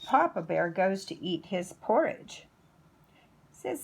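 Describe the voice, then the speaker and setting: A middle-aged woman, a preschool teacher, slowly telling a story to toddlers. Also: medium pitch, gravelly, breathy edge. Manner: slow, expressive storytelling.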